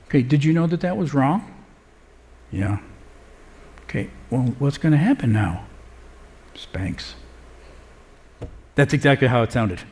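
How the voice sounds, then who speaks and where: A man's voice: fairly high pitch, a little mellow. A middle-aged man giving a live parenting talk to an audience, earnest and conversational, with frequent filler sounds. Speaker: parenting speaker.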